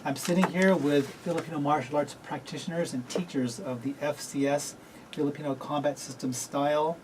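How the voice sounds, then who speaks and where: A man's voice: a little high, fairly even intonation, fairly quick. Man, radio talk host, casual, rambling, self-correcting, somewhat distant mic, faint hiss.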